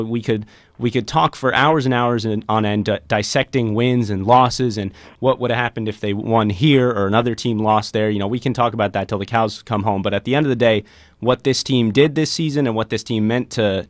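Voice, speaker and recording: Low-voiced man hosting a dry studio podcast. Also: dry recording. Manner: warm, reflective, self-described emotional guy. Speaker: podcast host. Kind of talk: casual chat. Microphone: studio microphone.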